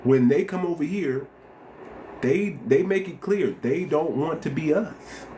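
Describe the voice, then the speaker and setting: A man's voice: fairly high pitch, unhurried, mellow, slight background noise. A man hosting a livestream, talking passionately with lots of repetition and rhetorical questions. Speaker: host. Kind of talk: casual livestream commentary.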